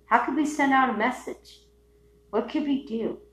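A woman hosting a solo podcast, ranting in a rambling, profane way, dropping to mutters and then bursting into shouts. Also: high voice, moderate pace. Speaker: podcast host. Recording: echoey room with faint hum.

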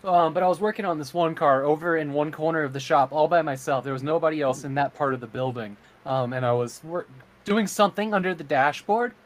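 A man's voice: fairly high pitch, fairly quick. A man talking in casual chat, earnest and rambling, with many fillers. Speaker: streamer and podcast co-host.

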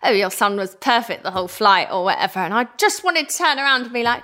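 A British woman in her thirties, a podcast guest chatting and telling stories in an animated way, full of "like". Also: on the high side, fast. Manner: chatty and animated, heavy use of "like". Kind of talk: casual storytelling chat.

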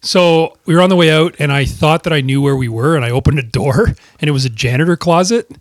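A man's voice: fairly high pitch, fast talker, no echo. A man who works as a firefighter, co-hosting a podcast and telling stories in a plain-spoken, laid-back way. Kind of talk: casual chat and storytelling.

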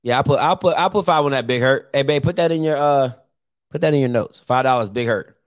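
A man's voice: mid-range voice, a little fast, dry recording, studio quality. A man hosting his own YouTube show, chatting casually and teasing viewers, with lots of fillers. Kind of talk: casual live-stream talk.

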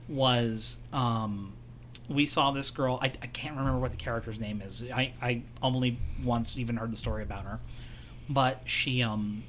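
A man's voice: medium pitch, fairly bright tone, a little hiss or hum. A man co-hosting a casual podcast chat, talking with enthusiasm, laughing often and rambling with plenty of fillers. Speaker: returning podcast co-host.

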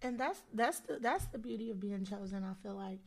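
A young woman co-hosting a faith podcast, speaking in an animated, encouraging and playful way. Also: mid-range voice, fairly quick, a little hiss or hum. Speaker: podcast co-host. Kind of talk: casual faith podcast chat.

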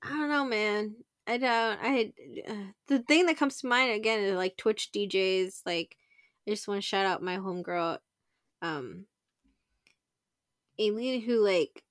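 A woman's voice: mid-range voice, a little slow, dry recording, studio quality. Laughing, slangy woman podcast co-host. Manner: laughs often, casual slangy talk. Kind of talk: casual chat.

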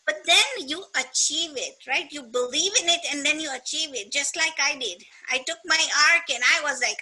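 Middle-aged woman, high and very bright, emphatic motivational chatter. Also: measured pace, low-quality recording. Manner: animated, emphatic, acts out quotes. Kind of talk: casual motivational chat.

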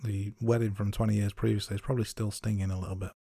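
A man's voice: on the low side, little pitch movement, racing, creaky, mellow, slightly rough, no echo, clean studio sound. A man co-hosting a podcast, chatting casually about a film, laughing at himself and restarting his sentences. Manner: self-deprecating, laughs at himself, stumbling restarts. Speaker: podcast co-host.

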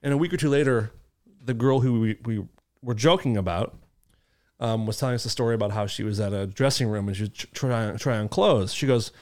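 A man in his thirties hosts a relaxed podcast chat, spinning crude, funny stories and laughing often along the way. He talks briskly at a medium pitch, with a slightly mellow tone.

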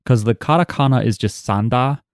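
A man's voice: mid-range voice, a little fast, no room sound, studio quality. A man co-hosting a casual podcast discussion, joking and swearing casually. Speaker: podcast co-host. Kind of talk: casual chat.

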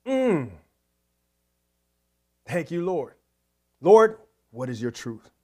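Brief: young adult man, fervent preacher, slightly higher pitch, repetitive prayerful delivery. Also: big pitch swings, very slow, dark tone. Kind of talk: sermon.

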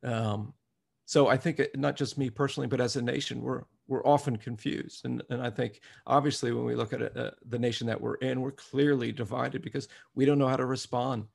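A man's voice: medium pitch, fairly even intonation, a little fast, creaky. A man preaching a sermon, reflective at first and growing emphatic as he reads scripture aloud.

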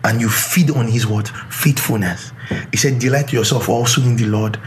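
A man's voice: mid-range voice, moderate pace, background noise. A man leading a casual Bible discussion who asks questions, quotes verses and stammers over repeated words. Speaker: Bible study co-host.

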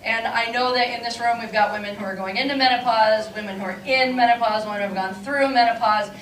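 A woman's voice: fairly high pitch, fairly even intonation, fast, slight background noise. A woman in her fifties doing a stand-up comedy set, brash and confessional, laughing through her punchlines. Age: 50s. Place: stage before a live audience. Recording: echoey room from far off, loud crowd.

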